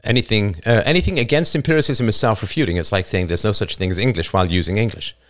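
Brief: a fifties man hosting a live show, argumentative and emphatic, chuckling now and then, fairly low-pitched. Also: fast talker, fairly bright tone. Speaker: livestream show host. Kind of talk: live show talk answering listener comments.

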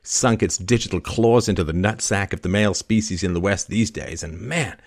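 A man hosting a call-in show, telling an animated story and acting out the quoted voices. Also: sits low, moderate pace. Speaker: podcast host.

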